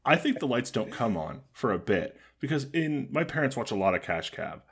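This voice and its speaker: A man co-hosting a comedy podcast, chatting casually and joking as he pitches scenes. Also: sing-song, moderate pace, husky. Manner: joking, acts out scenes in silly voices. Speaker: podcast co-host.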